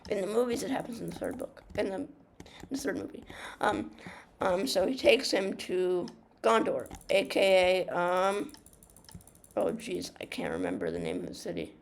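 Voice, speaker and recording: Gravelly-voiced woman ranting while gaming. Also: fairly low pitch, sing-song, normal speed, slight background noise. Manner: rambling and ranting, many fillers and restarts, swearing. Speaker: gamer. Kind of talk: casual gaming commentary while retelling a story.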